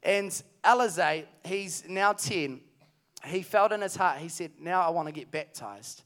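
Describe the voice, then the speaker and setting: A man's voice: high-pitched, lively intonation, unhurried, fairly bright tone. A man preaching at a youth camp, telling a story earnestly and then calling energetically to the crowd. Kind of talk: sermon. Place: large hall at a camp.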